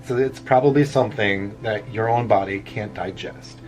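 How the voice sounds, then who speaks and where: A middle-aged vlogger chats casually while drawing, rambling through a story and often chuckling at his own jokes, with faint music behind him. His voice is on the low side and darkish, at a moderate pace.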